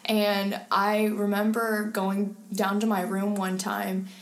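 A woman's voice: mid-range voice, completely flat delivery, takes it slowly. A young woman, a guest in an interview, telling personal stories in a chatty, candid way with many fillers. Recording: roomy echo.

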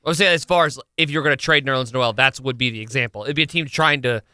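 A man hosting a sports podcast in casual chat, tossing in quick, dry quips. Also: medium pitch, pushed and bright, clean tone, no room sound. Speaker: podcast host.

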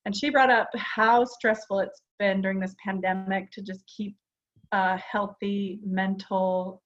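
A woman's voice: mid-range voice, flat delivery, measured pace, lo-fi sound. A woman in her forties co-hosting a podcast, talking casually and earnestly with plenty of fillers. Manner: chatty and earnest, with frequent fillers. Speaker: podcast co-host. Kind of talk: casual chat.

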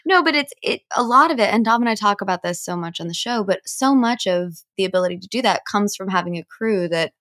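A woman's voice: mid-range voice, animated, fast talker, few pauses, a bit bright, dry recording, clean studio sound. A woman co-hosting a podcast, chatting playfully and laughing often. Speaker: podcast co-host, actor. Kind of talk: casual podcast chat.

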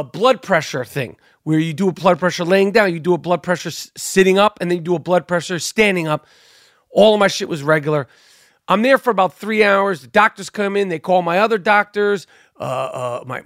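High-voiced swearing New storyteller man. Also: no echo, studio quality. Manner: animated, swearing, acts out quoted voices. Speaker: podcast host. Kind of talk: profane comic storytelling monologue.

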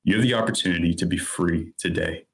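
A man's voice: sits low, fast talker, vocal fry. A man in his thirties, a podcast guest, telling a personal story in an earnest, candid way, with plenty of "like" and "you know".

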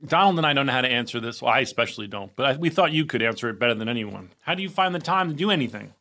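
A man's voice: mid-range voice, expressive, racing, bright, forceful tone. A man co-hosting a podcast, rambling and stumbling over words in a joking way. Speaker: podcast co-host. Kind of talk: casual podcast chat.

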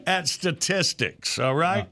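A man's voice: a little high, big pitch swings, takes it slowly, pushed and bright. A man hosting a morning radio show, rambling and opinionated, peppering his talk with "all right.".

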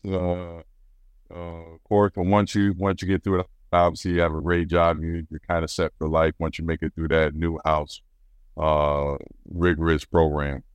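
Deep-voiced man telling stories casually. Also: moderate pace, smooth, dry recording, muffled recording. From Rochester, New York. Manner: relaxed, rambling with fillers and restarts. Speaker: former basketball player, guest. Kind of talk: casual interview storytelling.

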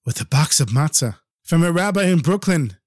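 A man's voice: a little high, animated, moderate pace, dry recording, clean studio sound. A man voicing a lonely, emotional old survivor. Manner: emotional, pleading. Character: lonely middle-aged male Holocaust survivor.

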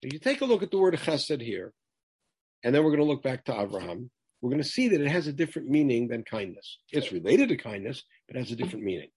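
A man's voice: mid-range voice, sing-song, quick pace, darkish tone, husky, dry recording. A man teaching a Torah lesson, quoting Hebrew verses and translating them emphatically. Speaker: Bible teacher.

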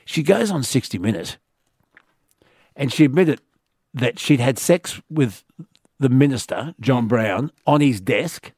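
A man's voice: medium pitch, expressive, darkish tone, husky, no room sound. Gossipy male radio host. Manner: gossipy, teasing, halting restarts. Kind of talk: casual radio chat.

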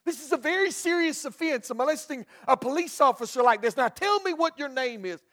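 A man's voice: very high voice, lively intonation, a little fast, a bit bright. A male preacher voicing a stern, frustrated police officer in a sermon story, scolding and demanding.

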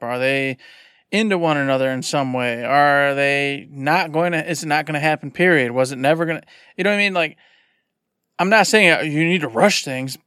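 A man in his forties chats on a gaming podcast in an emphatic, animated manner, his voice sitting a little higher than most men's. The sound is dry and close to the mic, with no room around it. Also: dry recording. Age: 40s. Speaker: podcast co-host. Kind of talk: casual gaming podcast chat.

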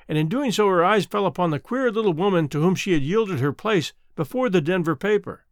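Male narrator, expressive measured reading, high and lively voice, dry close sound. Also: no echo. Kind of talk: scripted storybook narration.

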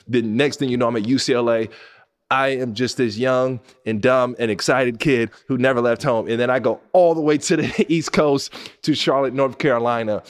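This is a storytelling monologue from a podcast host, a man in his thirties from Southern California, recounting something personal at normal speed. He sounds animated and emphatic, going high with excitement and quiet when touched.

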